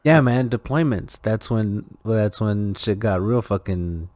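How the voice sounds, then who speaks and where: A man's voice: on the low side, a little slow, darkish tone, dry recording. A man from Texas co-hosting a podcast, telling rambling stories with lots of hesitant fillers. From Rio Grande Valley, Texas. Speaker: podcast co-host, navy veteran. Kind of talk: casual storytelling chat.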